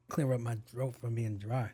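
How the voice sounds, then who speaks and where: There's slight background noise as this man, with a warm, mid-range voice, chats casually on his own podcast. His talk wanders, he swears without restraint, and tongue twisters trip him up.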